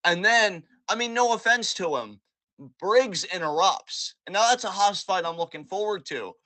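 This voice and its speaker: A man co-hosting a wrestling podcast in casual chat, animated and profane, often acting out imagined dialogue. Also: sits high, normal speed, no echo.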